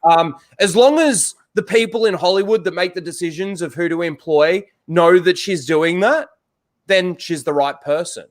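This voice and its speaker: A man's voice: high-pitched, moderate pace. Sarcastic man on a podcast. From Australia. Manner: crude, sarcastic, rambling. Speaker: podcast co-host. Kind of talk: casual podcast chat.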